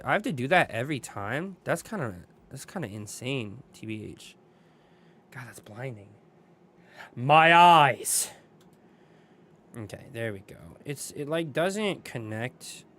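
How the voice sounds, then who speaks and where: A man's voice: medium pitch, sing-song, normal speed, hardly any pauses, fairly bright tone. A young man hosting a casual livestream chat, laid-back and slangy, greeting viewers and laughing often. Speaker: streamer host.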